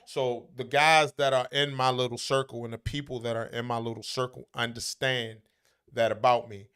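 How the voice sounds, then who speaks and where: Blunt, profane man with a smooth voice. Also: medium pitch, level tone, normal speed, bright, forceful tone. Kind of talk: casual chat.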